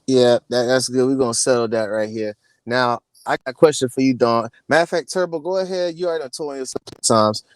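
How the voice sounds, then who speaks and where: A man's voice: mid-range voice, fast, clean tone, no echo. A man hosting a podcast, teasing his co-host in playful, repetitive casual chat. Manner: teasing, playful, repeats himself.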